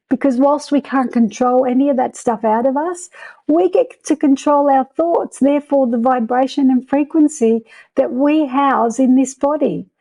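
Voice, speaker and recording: A woman's voice: on the high side, creaky, slightly rough, rough recording. A woman, an interview guest earnestly and reflectively recounting a near-death experience. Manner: earnest, reflective storytelling with soft laughs.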